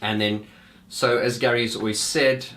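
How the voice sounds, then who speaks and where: A man hosting a music video channel talks to his viewers casually and unscripted, rambling with fillers and restarts as if chatting with a friend and calling them "guys." His medium-pitched voice is a bit bright, fairly even in intonation, and unhurried.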